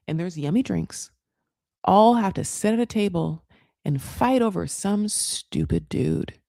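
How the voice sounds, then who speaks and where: A woman recapping reality TV in a loose, gossipy ramble that swings widely up and down in pitch. She is candid and peppered with swearing. The sound is dry and close with no room around her. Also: dry recording. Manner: candid, profane, gossipy, with a lot of "like". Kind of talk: casual commentary.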